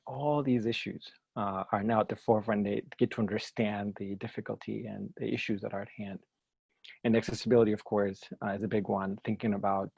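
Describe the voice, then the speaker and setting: A man's voice: lowish voice, darkish tone, no room sound, highs cut off. A man presenting at a journal club in a casual academic discussion, thinking aloud with many fillers and restarts. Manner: thoughtful, many fillers and restarts, light laughs.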